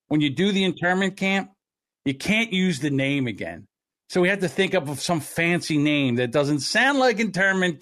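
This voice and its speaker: Male podcast host, sarcastic ranting, very lively pitch, casual comedic chat.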